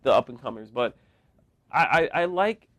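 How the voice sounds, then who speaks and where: Man, podcast co-host, casual chatter, quick laughs, dry close sound. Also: mid-range voice, animated, a bit bright, dry recording. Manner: talkative, quick laughs, lots of agreeing. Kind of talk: casual chat.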